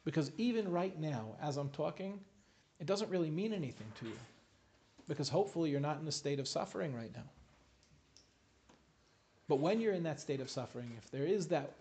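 A man speaking earnestly and reading a long article aloud in a steady, emphatic way. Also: fairly high pitch, fairly quick. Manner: soft, hushed at first, then a steady, emphatic reading.

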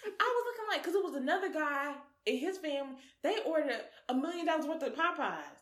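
A woman co-hosting a podcast in casual chat, animated and laughing often. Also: high voice, fast talker, reverberant. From Nigeria. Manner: animated, laughing, breaks into song. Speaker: podcast co-host.

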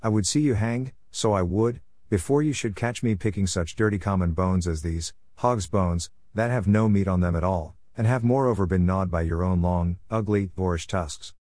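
A man's voice: deep voice, normal speed, hardly any pauses, darkish tone, no room sound, studio quality, natural voice. A man reading the part of a proud, quarrelsome champion runner in a folk tale, speaking haughtily and with scorn. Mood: scornful.

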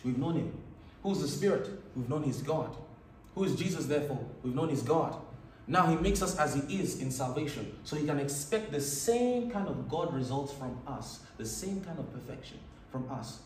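Recorded from a distance in an echoey room with slight hiss or hum, this preacher has a fairly high, darkish voice and a moderate pace with lively intonation. He alternates plain explanations with scripture read aloud, his voice rising with emphasis.

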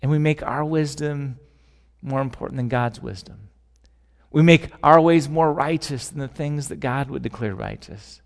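Middle-aged male pastor, slightly high voice, animated conversational sermon, live church hall reverb. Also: creaky. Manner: conversational, animated preaching with shifting volume. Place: large church sanctuary.

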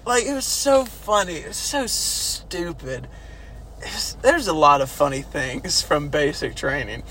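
A man's voice: a little slow, a little hiss or hum. A man casually telling funny army stories, laughing often and acting out the quotes. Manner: laughing, animated, acts out quotes with big pitch jumps. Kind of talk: casual storytelling chat.

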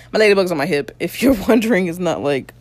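Blunt, low-voiced young woman telling stories. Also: expressive, brisk, no echo. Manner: candid, blunt, crude humor with frequent laughs. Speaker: mother telling her birth story. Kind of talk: casual storytelling to camera.

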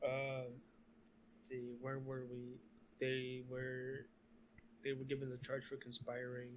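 A man co-hosting a casual podcast, chiming in to correct his partner and ask him to slow down. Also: mid-range voice, completely flat delivery, slight background noise, poor audio. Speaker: podcast co-host.

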